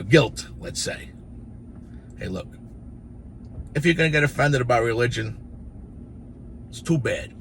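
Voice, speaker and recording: A man in his sixties casually telling childhood stories to camera in an animated, profane, rambling way. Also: mid-range voice, vocal fry, a little hiss or hum. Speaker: storyteller.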